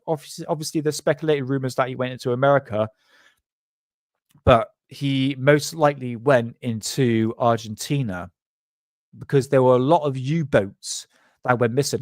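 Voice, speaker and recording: A man from England with a Bristol accent, hosting a casual chat, slangy and quick to laugh. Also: medium pitch, dry recording, clean studio sound. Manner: chatty, slangy, laughs often. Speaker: podcast host.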